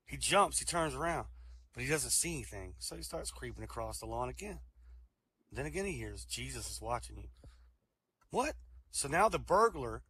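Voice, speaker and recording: A man telling jokes at a comedy show, acting out the characters' lines with lively delivery. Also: mid-range voice. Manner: animated storyteller, acts out quoted lines.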